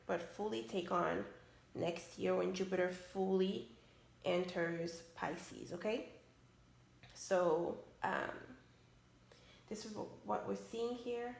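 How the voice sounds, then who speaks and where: A woman giving a casual tarot reading who is losing her voice, halting often with "um" and tagging her points with a questioning "okay?". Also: medium pitch, gravelly. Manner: tags many phrases with a questioning "okay?"; hesitant, with frequent "um" and restarts. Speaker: tarot reader. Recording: roomy echoey room.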